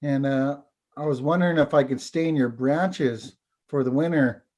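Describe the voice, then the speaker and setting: A man's voice: mid-range voice, normal speed, darkish tone, lightly acted. Man voicing a meek little bird, broken wing, pleading, slightly raised voice. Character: small, sad male bird with a broken wing.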